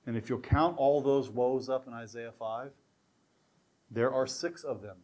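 A man preaching a sermon, telling a story in an animated way, often restarting and repeating words. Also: medium pitch, a little slow.

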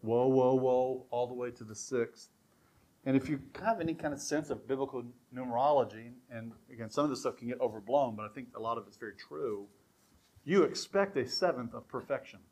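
Animated storytelling preacher, a man. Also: mid-range voice, a little fast. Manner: animated storytelling with frequent restarts and repeated words. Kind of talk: sermon.

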